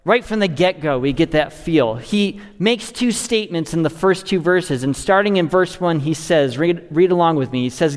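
Earnest preacher in an echoing hall. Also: male voice, lively intonation, normal speed. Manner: earnest, rising to stress and dropping low to close a thought. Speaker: pastor. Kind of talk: expository sermon.

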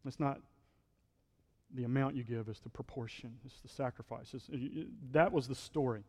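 A man's voice: mid-range voice, moderate pace, a little mellow, in a large hall. A male pastor preaching a sermon in a conversational style, acting out quotes and building to fervent peaks.

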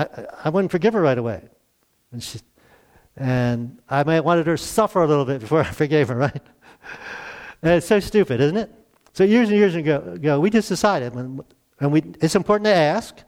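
A pastor in his sixties delivers a conversational sermon, chuckling often and posing rhetorical questions. His voice is on the high side with a darkish tone.

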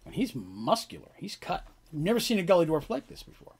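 A man narrating a tabletop game as game master in a casual, animated descriptive way. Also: on the high side, brisk, creaky, slightly rough.

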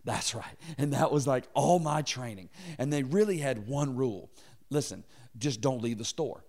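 A man's voice: medium pitch, moderate pace, darkish tone. A man in his thirties preaching, telling a comic personal story and acting out the quotes in funny voices. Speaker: pastor. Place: church auditorium.

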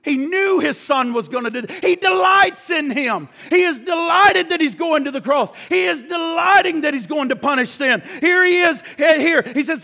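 A male preacher with a very high, gravelly voice delivers an impassioned sermon, shifting from shouts to near-whispers. His bright tone rings out, and a long hall reverb trails every line. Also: animated, normal speed, few pauses. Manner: impassioned, swings between shouting and hushed.

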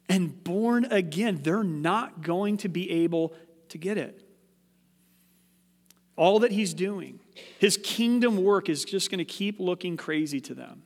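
A man with a high voice preaches a sermon to his congregation, animated and full of rhetorical questions. His voice rings with the long reverb of a church hall. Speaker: pastor.

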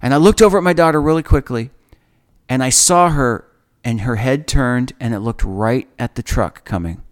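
A man telling a personal story in an earnest, halting way, often repeating his phrases. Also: mid-range voice. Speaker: storyteller recounting a dream. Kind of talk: emotional first-person storytelling.

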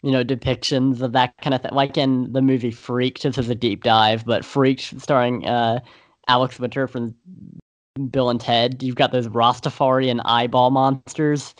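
A man's voice: medium pitch, little pitch movement, normal speed, no echo. A man co-hosting a podcast, talking in a rambling, hesitant way with many fillers in a casual movie review chat. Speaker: podcast co-host.

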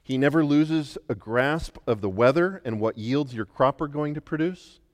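Middle-aged American pastor, emphatic sermon delivery, mid-pitched voice, heard with a long echo in a church hall. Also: male voice, lively intonation, normal speed. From United States. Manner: emphatic preaching, swings from soft to loud. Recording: long reverb of a large hall.

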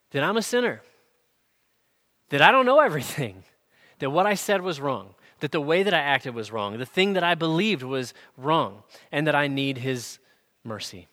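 An earnest male pastor delivering a sermon in a fairly high voice. He swells louder on points of emphasis and falls soft on key words. A long hall reverb trails behind him.

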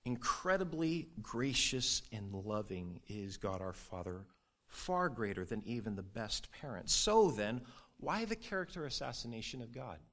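A male pastor delivering a sermon at a medium pitch. He talks earnestly and conversationally, lifting his voice for emphasis. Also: big pitch swings, unhurried, a bit bright. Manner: earnest, conversational preaching with sudden rises in emphasis.

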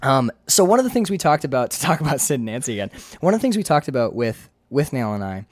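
A man from Michigan's Upper Peninsula co-hosting a casual film podcast, animated and swearing freely as he raves about movies. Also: mid-range voice, fast, no room sound, clean studio sound. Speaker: podcast co-host.

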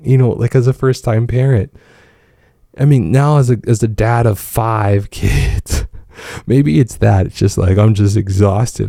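A man's voice: medium pitch, fairly even intonation, unhurried, gravelly, warm tone, dry recording, clean studio sound. A man in his thirties, a father of five, talking casually about raising kids, with lots of fillers and restarts. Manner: rambling, with many fillers and restarts. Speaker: father of five giving parenting advice. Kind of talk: casual monologue.

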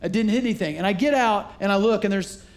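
A middle-aged man with a high-pitched voice preaches a sermon in a church sanctuary. He tells stories and acts out the voices of the people in them, speaking into a stage microphone. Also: fast talker. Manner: animated storytelling with acted-out voices. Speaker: pastor.

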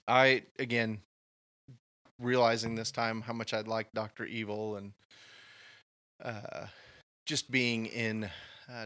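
Bright-voiced man, halting and thoughtful. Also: on the low side. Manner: halting, many fillers and restarts, thoughtful. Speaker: podcast co-host. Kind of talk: casual movie chat.

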